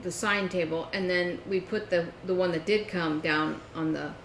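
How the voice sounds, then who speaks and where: Co-host, woman, animated storyteller, echoey room. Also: on the low side, normal speed. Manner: animated storytelling, acts out phone calls. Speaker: podcast co-host. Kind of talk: casual chat. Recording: echoey room with faint noise.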